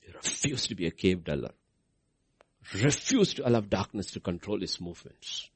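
A man's voice: low-pitched, lively intonation, moderate pace, slightly rough. A man preaching a sermon, asking his listeners questions and answering them himself.

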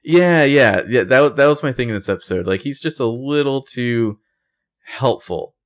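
A man's voice: medium pitch, expressive, moderate pace, no room sound. A man co-hosting a podcast, recapping a TV episode in loose casual chat, laughing often. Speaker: podcast co-host.

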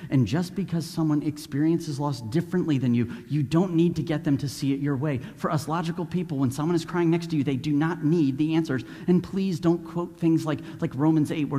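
An animated male preacher with a fairly high voice who slips into the voices of the people in the story. His words ring out with a long reverb, as if in a large hall. He talks in the style of a sermon. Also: a little fast, hardly any pauses. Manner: animated, acts out voices of Bible figures.

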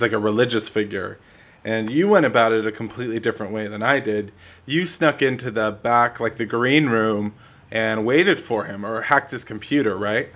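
Man, bright voice, casual podcast chat, blunt, playful, contrary. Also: medium pitch. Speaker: podcast co-host.

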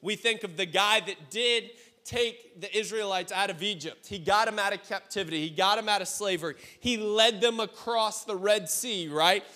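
A man, a high school pastor, giving a youth sermon in a casual, conversational way and asking his listeners direct questions. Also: normal speed, pushed and bright, long reverb tail.

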